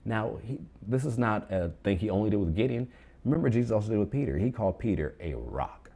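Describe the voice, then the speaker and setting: A man's voice: on the low side, expressive, quick pace, dark tone. A man preaching a sermon, reading scripture aloud and urging the online congregation to repeat phrases after him. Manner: preaching with call-and-response prompts to the online congregation. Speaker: pastor.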